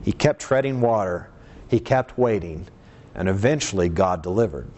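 A man preaching a sermon and reading scripture aloud, earnest, asking rhetorical questions and dropping low and slow to stress a point. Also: expressive, darkish tone, highs cut off.

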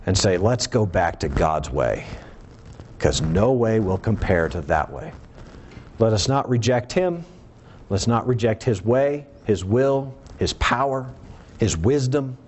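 A man's voice: expressive, unhurried, a little mellow, slightly rough. A man preaching a sermon, earnest and emphatic, swinging his voice up and down for emphasis. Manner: earnest, emphatic preaching with rising and falling pitch.

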